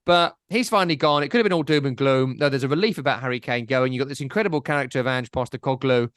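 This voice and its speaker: A man co-hosting a casual football podcast, animated and jokey, often mimicking commentators. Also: medium pitch, quick pace, no room sound, clean studio sound. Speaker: podcast co-host.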